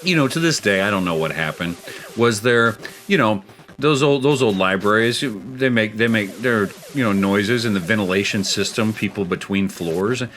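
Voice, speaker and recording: A man's voice: on the low side, expressive, moderate pace, fairly bright tone, faint music behind. A man hosting a gaming show, telling a spooky story in a rambling, chuckling way with plenty of restarts. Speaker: show host.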